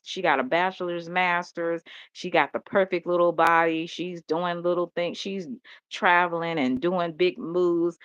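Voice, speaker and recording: A woman's voice: lowish voice, fairly bright tone, no echo, lo-fi sound. A woman host talking candidly in a rambling casual chat, laughing often. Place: home.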